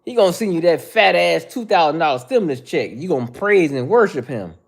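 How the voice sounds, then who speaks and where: A man on a casual livestream talks back to his chat in a mocking, profane, confrontational way. His voice sits high and swings widely in pitch as he jeers at commenters. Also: expressive, brisk, creaky, husky. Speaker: host answering viewer chat.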